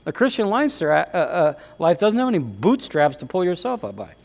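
A man preaching a sermon as pastor of his church, talking in a lively, conversational way full of rhetorical questions. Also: high-pitched, normal speed, vocal fry. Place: church sanctuary. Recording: long hall reverb.

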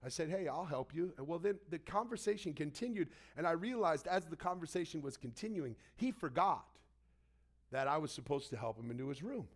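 A man's voice: fairly high pitch, expressive, a little fast. A man preaching a casual, story-driven sermon, acting out the people he quotes. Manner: storytelling, conversational, acts out quotes. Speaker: pastor. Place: church hall.

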